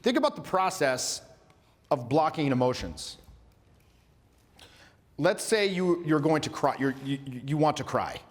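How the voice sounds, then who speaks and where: Male coach, 40s, pitched a bit high, casual animated workshop delivery with swearing, recorded with long hall reverb. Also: measured pace, pauses often. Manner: animated, acts out little dialogues, casual swearing. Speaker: social skills coach. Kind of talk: workshop lecture.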